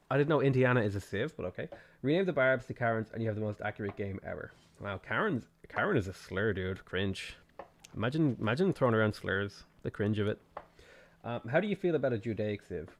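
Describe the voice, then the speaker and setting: A man with an Irish accent chatting casually on a game stream, reading viewer messages aloud and answering them as he plays. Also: mid-range voice. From Ireland. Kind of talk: casual gaming stream chat.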